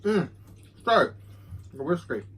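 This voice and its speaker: A man's voice: on the high side, very animated, slow, fairly bright tone, husky. A man giving a casual, rambling whisky review at home. He is self-deprecating and fills his talk with ums, recorded on a phone. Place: home room. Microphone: phone camera.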